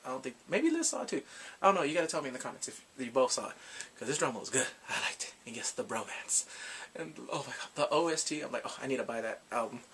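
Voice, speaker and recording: A man's voice: mid-range voice, sing-song, fast talker, a bit bright, slight background noise. A grown man chatting casually as a YouTube reviewer, rambling and fanboyish about a show he loved. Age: adult.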